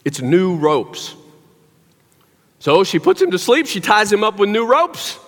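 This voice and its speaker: A man's voice: high voice, very animated, moderate pace, a bit bright. A man preaching a sermon, telling a story animatedly with wry, joking asides. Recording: long hall reverb.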